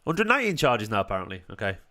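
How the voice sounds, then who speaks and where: A man hosting a live football watchalong, sarcastic and defensive as he talks back to viewers in the chat, moving from low mutters to sharp raised outbursts. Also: huge pitch swings, racing. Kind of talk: live-stream match commentary and chat replies.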